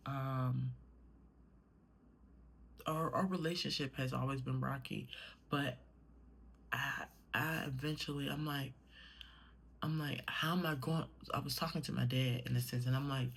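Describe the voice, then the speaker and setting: A woman's voice: a bass voice, steady tone, measured pace, vocal fry, pauses often, slightly rough. A young adult woman talking casually in a personal vlog, meandering with many fillers and swearing when worked up. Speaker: vlogger.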